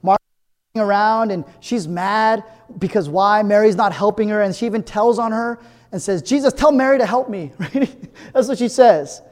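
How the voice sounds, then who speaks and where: This preacher's voice is high and a little mellow, moving at a normal speed and echoing through a large hall. He talks to the congregation conversationally, asks "right?" again and again, and earnestly climbs to emphatic, repeated phrases.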